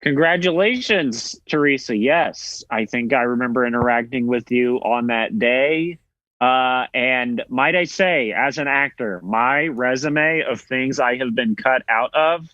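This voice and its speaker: A man from Tennessee with a Southern accent, a guest actor talking in a wry, self-deprecating way with drawn-out pauses. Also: mid-range voice, sharp tone, no echo, lo-fi sound. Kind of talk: casual video interview.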